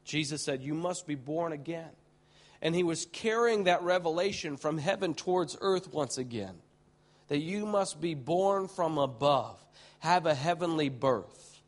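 In a sermon, a man tells of a vivid vision with excitable energy, restarting often and moving between hushes and shouts. His voice is fairly high and his delivery a little slow.

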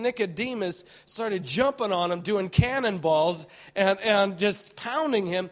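A male preacher telling a vivid vision story in a sermon, excitable and full of restarts, swinging from hushed tones to shouts. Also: high voice, normal speed, hardly any pauses.

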